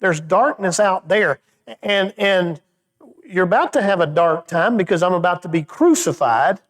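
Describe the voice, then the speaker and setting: A man leading a Wednesday evening Bible study in a church, talking in a conversational way with frequent stammered restarts and a voice that drops low when he turns reflective. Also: animated, moderate pace.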